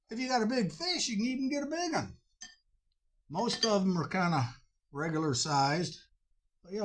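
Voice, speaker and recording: High-voiced folksy man. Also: slight background noise. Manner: folksy, drawling, with frequent uh fillers. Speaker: cooking show host. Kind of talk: rambling folksy cooking talk.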